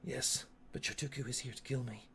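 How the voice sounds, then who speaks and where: A man voicing a calm male sage who bends time, speaking quietly, steadily and with resolve in a tabletop game. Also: medium pitch, a little fast, creaky, slightly rough, exaggerated voice. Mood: hushed.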